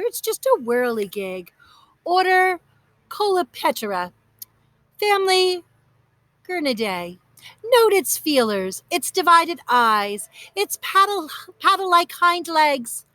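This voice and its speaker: An excitable older aunt, put on by a woman reading a storybook, who gushes over every new adventure. Her voice sits high and bright, recorded close and dry. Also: takes it slowly, dry recording, exaggerated voice. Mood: fond. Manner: gushing, whooping, fond.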